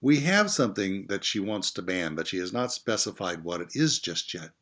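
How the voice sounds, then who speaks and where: A man's voice: low-pitched, expressive, normal speed, fairly bright tone. A middle-aged man teacher giving a recorded lecture on an essay, conversational and emphatic, with asides.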